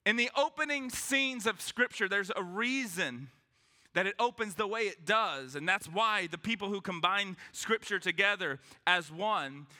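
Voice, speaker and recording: A man's voice: sits high, unhurried. A man preaching a sermon to his congregation in a church, joking and acting out little voices as he goes. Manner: animated, joking, acts out voices. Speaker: pastor.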